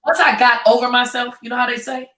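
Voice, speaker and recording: A woman co-hosting a casual couples-in-business chat, telling stories in an animated, expressive way. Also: a little high, quick pace, roomy sound, recorded from a distance, poor audio. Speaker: podcast co-host.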